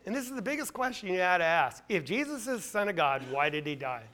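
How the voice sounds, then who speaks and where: A man preaching a sermon, emphatic and full of rhetorical questions, swinging between loud stressed lines and quiet asides. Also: high voice, sing-song, fast.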